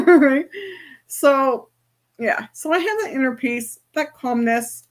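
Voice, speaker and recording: Brief: woman coach, fairly high voice, casual chatty teaching to a group. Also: takes it slowly. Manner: chatty, often checks in with "right?". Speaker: spiritual and business coach.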